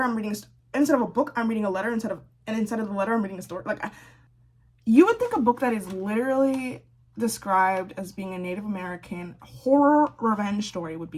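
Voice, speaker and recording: A young woman in a casual, sassy book-review rant, chatty and laughing often, with a slightly husky voice. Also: medium pitch. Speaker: book vlogger.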